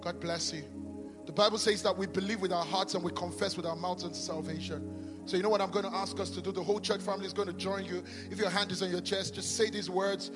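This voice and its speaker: A man with a high-pitched voice preaches with fervor, repeating blessings again and again as he leads an altar call. His voice rings out through a large church with a long, echoing reverb. Music plays steadily behind him. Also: fairly even intonation, quick pace. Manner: fervent, repeats blessings over and over. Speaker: pastor. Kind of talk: sermon altar call and prayer.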